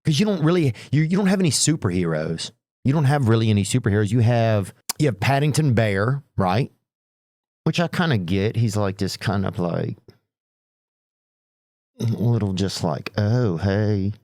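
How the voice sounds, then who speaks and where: Stand-up comic, male, low voice, dry close sound, loose rambling delivery. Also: animated, moderate pace, darkish tone, dry recording. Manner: loose rambling, swears, laughs at own bits. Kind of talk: stand-up comedy.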